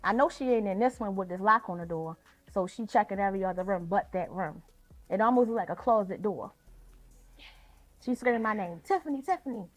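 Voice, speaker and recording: A young adult woman, a podcast guest, retelling a painful personal story in vivid, animated detail. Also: medium pitch, a little fast, soft background music.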